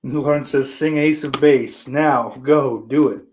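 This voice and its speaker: A man hosting a casual livestream podcast, reading viewer comments aloud and cursing a lot, sarcastic, his voice swinging between loud and quiet. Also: medium pitch, fairly even intonation, unhurried, a little hiss or hum. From Irish heritage. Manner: profane, sarcastic, with big swings in loudness.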